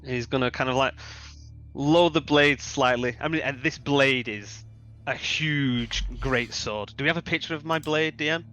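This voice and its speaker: A man's voice: medium pitch, normal speed, pushed and bright. A man describing his character's actions in a tabletop game, in a loose style full of filler words. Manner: loose narration full of "kinda, like". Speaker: player. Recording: dull recording with faint music.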